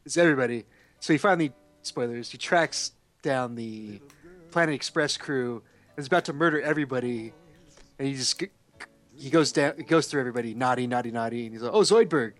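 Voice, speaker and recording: A man's voice: mid-range voice, quick pace, faint music behind. A man co-hosting a podcast, chatting casually and joking about favorite cartoon episodes. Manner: animated, jokey, quotes cartoon lines. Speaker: podcast co-host. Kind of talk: casual chat.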